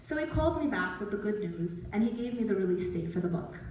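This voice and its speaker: A woman in her forties giving a storytelling talk as an author, lively and acting out the voices she quotes. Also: medium pitch, quick pace, background noise. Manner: lively, acts out quoted voices, laughs often. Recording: echoey hall, speaker from far off.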